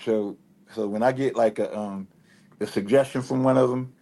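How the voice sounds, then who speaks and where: A man with a Detroit accent, guest on a radio interview, talking in a relaxed, rambling way full of fillers and restarts. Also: lowish voice, moderate pace. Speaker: rapper guest. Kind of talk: casual interview talk.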